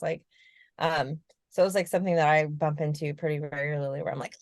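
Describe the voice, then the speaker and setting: A woman's voice: sits low, quick pace, no room sound, studio quality. A woman co-hosting a podcast, talking candidly and reflectively, swearing casually and laughing often. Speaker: podcast co-host.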